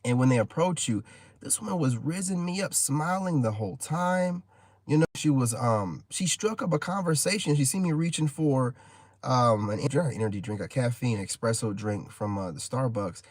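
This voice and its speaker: A man in his forties who tells stories in a loose, rambling way. His talk is slangy and full of "you know what I mean," and it sits at an ordinary mid pitch. The sound is dry and close, with no room echo. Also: expressive, moderate pace. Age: 40s. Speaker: content creator. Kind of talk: casual storytelling vlog.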